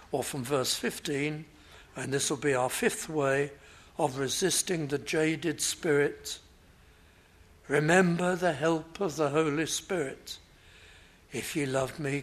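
Slow, husky preacher. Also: male voice, a little high. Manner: slow, measured Bible exposition with rising emphatic phrases. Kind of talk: sermon.

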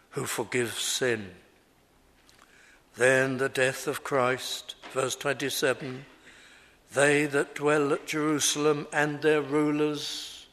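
A male preacher delivers his sermon slowly and deliberately. His voice sits a little high for a man, and he leans hard on key words, lifting his pitch and volume as he voices the quoted speakers. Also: a bit bright. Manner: slow, emphatic preaching with dramatic rises when quoting. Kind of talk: expository sermon.

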